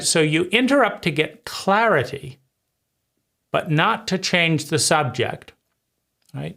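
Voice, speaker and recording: A man teaching conversation skills in a deliberate way, often repeating himself and checking in with "right?". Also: on the high side, pushed and bright. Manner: slow, deliberate, repeats phrases and asks "right?". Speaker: life coach.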